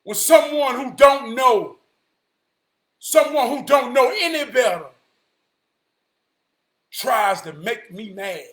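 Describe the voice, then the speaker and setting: A man giving an impassioned, preachy monologue that swings between shouting and low muttering, repeating phrases for emphasis and cursing often.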